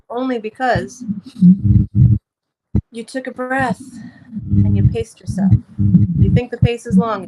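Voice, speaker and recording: A woman's voice: on the high side, low-quality recording. A woman doing a casual card reading, talking in a chatty, encouraging way and laughing often. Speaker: card reader. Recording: loud background noise.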